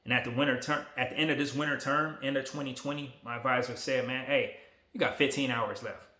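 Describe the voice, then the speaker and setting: A man in his forties talking casually to a phone camera, relaxed, emotional and motivational. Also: medium pitch, a little fast, reverberant. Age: 40s. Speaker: vlogger.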